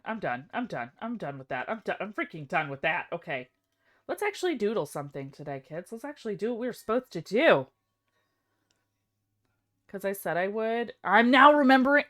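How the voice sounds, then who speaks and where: A young woman live streamer chatting casually, excitable and self-deprecating. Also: mid-range voice, fairly quick.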